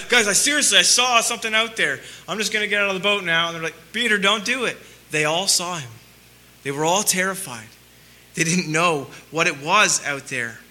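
A man preaching a sermon, asking rhetorical questions and swinging between loud emphasis and quiet, low lines. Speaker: pastor.

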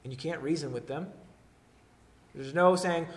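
A man preaching a sermon, moving between hushed, intimate lines and loud, forceful declarations. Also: a little high, unhurried. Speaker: pastor.

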